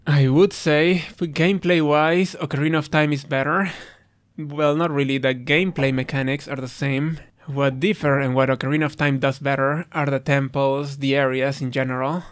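A man hosting a let's play, reacting to a game ending with chuckles and then reflecting on it, tearing up. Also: a little high. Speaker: gaming channel host. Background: faint game music.

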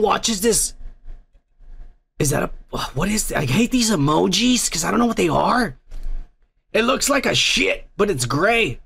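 A man's voice: sits high, gravelly, fairly bright tone. A man hosting a podcast, reading viewer comments aloud in casual, rambling, profane chat. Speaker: podcast host.

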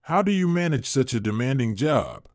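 A man's voice: mid-range voice, big pitch swings, normal speed, dry recording, studio quality. A man voicing a courteous young wealthy man in a storybook reading.

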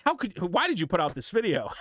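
A man's voice: sits high, noisy background. A man ranting in a commentary video, heated and profane, mocking and lecturing the viewer. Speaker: commentary YouTuber.

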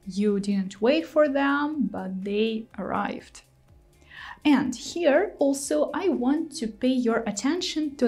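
A young woman with a Russian accent teaches in a video lesson, taking her time over each word. Her voice sits a little high, and her manner is patient and explanatory. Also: darkish tone. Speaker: language teacher.

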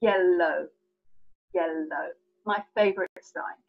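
A sign language tutor from England teaches children the signs for colours, speaking British English in a low voice with fairly even intonation and a slow pace. The sound is lo-fi, and her manner is chatty, playful, and encouraging.

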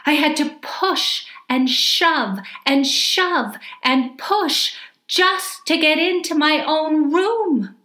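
A woman reading her own children's picture book aloud in a gentle, deliberate, expressive way. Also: high voice, reverberant. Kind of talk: slow storybook narration for children.

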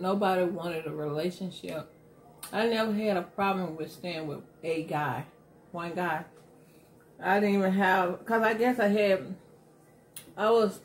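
A woman's voice: fairly low pitch, a little hiss or hum. Candid middle-aged woman hosting an eating show. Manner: candid, emphatic storytelling. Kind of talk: casual chat while eating.

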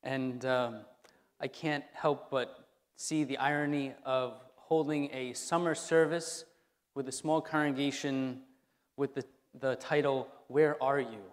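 Speaking slowly with fairly even intonation, this mid-range male voice belongs to a pastor delivering a sermon. He keeps it conversational and repeats key phrases to drive them home, his words carrying the long reverb of the church sanctuary.

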